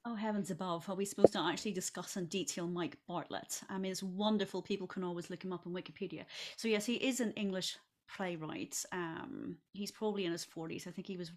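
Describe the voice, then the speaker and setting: A woman's voice: on the low side, steady tone, brisk, a little hiss or hum. Articulate female podcast guest with theatrical emphasis. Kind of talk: casual podcast discussion.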